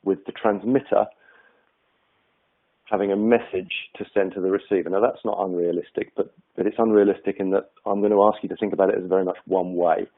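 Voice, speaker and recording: A man leads a webinar on communication, speaking in a relaxed, conversational way with plenty of hesitations and restarts. His voice sits fairly low. The sound is tinny and narrow, like a phone line. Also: fairly quick. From United Kingdom. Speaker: trainer presenting a webinar. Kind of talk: webinar presentation.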